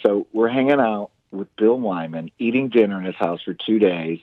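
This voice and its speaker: A man telling stories in a casual interview, enthusiastic and animated, acting out what others said. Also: fairly low pitch, moderate pace, no room sound. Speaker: musician guest, show host. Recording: tinny phone-like line.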